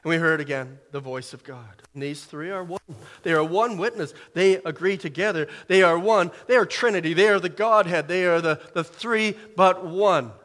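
A man preaching a sermon in short, emphatic phrases, swelling loud and dropping soft as he reads scripture. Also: sits high, normal speed, long reverb tail.

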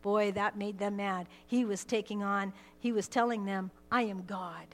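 A woman preaching a sermon in an earnest way, building to forceful emphasis, with frequent restarts. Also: medium pitch, fairly even intonation, normal speed. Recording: long hall reverb.

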